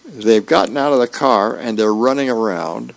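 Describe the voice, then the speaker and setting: A man reading newspaper comics aloud as a volunteer radio reader, in a folksy, unhurried way with small slips. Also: mid-range voice, gravelly, dry recording.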